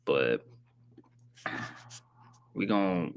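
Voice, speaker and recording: A man hosting a casual live sports recap, rambling in slangy, profane talk and saying he sounds flat and let down. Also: on the low side, moderate pace. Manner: says he sounds monotone and disappointed. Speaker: sports channel host.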